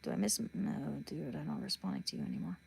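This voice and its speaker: A woman's voice: very deep voice, wildly swooping pitch, quick pace, vocal fry, darkish tone, a little hiss or hum. A woman hosting a livestream, chatting casually and bluntly with her viewers. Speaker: livestream host.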